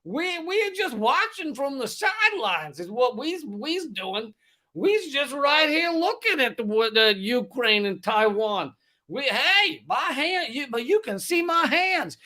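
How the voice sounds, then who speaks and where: A man's voice: very high voice, big pitch swings, measured pace, pushed and bright, voice pushed up, heavily acted. A man doing a confused, rambling old male politician with a put-on accent that drifts between Brooklyn and the South. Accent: mixed Brooklyn and Southern put-on. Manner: mumbling, loses his words.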